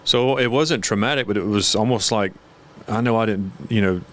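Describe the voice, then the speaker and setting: A middle-aged man hosting a podcast, talking in a gentle, hesitant way as he searches for words. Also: on the low side, moderate pace. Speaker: podcast host. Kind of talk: casual interview conversation.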